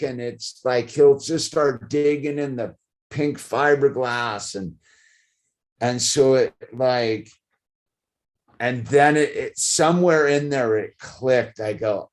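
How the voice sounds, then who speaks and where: This vlogger, a middle-aged man, speaks slowly in a mid-range voice as he rambles to camera. "Dude" and "like" come up again and again.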